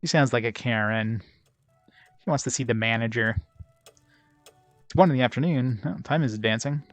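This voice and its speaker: A man's voice: mid-range voice, moderate pace, no room sound, faint music behind. A man hosting a let's play, giving casual, rambling and wry gameplay commentary. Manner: rambling, wry, filler-heavy.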